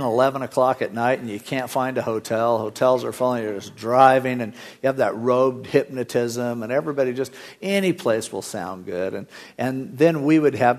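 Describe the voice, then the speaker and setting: A middle-aged man preaching a sermon as pastor, telling stories and acting out the dialogue in lively voices. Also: medium pitch.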